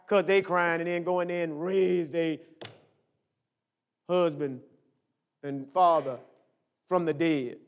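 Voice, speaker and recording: A high-pitched male pastor delivers a sermon. His preaching is conversational and drops to quiet scripture reading, then rises to loud, high-pitched exclamations. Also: fairly even intonation, slow, long pauses, smooth.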